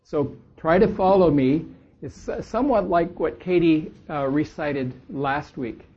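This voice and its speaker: Slow, husky man leading scripture. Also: a little high. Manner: slow, deliberate, stressing key words. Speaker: church class leader. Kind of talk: leading a group scripture reading. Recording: dull lo-fi recording.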